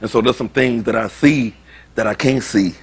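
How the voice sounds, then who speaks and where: A man preaching a sermon as pastor, swinging between loud exclamations and quiet asides. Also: medium pitch, normal speed, vocal fry, slightly rough. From United States.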